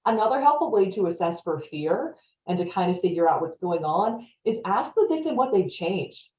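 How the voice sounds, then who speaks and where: A woman's voice: on the low side, very animated, moderate pace, a little mellow, a little hiss or hum. A woman presenting a training webinar in a conversational way, often checking in with "right?". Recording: roomy, distant, dull-sounding audio.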